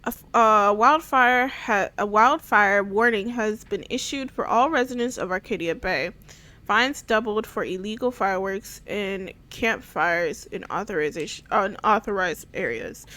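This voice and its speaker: A woman's voice: mid-range voice, a little slow, bright, forceful tone. A woman gaming streamer giving casual commentary, giggling, stumbling over words as she reads aloud, and swearing casually. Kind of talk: casual let's-play commentary.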